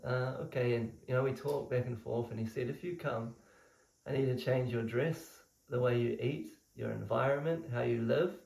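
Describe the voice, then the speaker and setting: A young man casually telling the story of his spiritual initiation, animated and laughing often as he talks. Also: mid-range voice, normal speed, creaky. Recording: roomy echo, mic at a distance.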